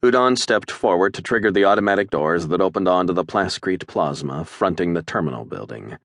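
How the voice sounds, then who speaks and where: A man narrating an audiobook in the first person, measured and even, on a close studio mic. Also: low voice, no echo.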